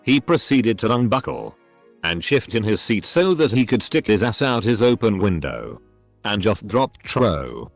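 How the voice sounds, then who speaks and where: A man narrating read-out stories in an even, matter-of-fact way. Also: fairly low pitch, unhurried, no echo, faint music behind. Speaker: narrator reading online posts. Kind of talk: scripted narration.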